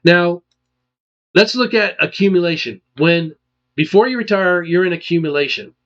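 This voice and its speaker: Financial advisor man, emphatic, slightly high voice, dull lo-fi audio. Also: normal speed, a bit bright. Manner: emphatic, repeats "okay?" and "all right?" to check understanding. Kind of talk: explaining retirement charts. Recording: dull lo-fi sound.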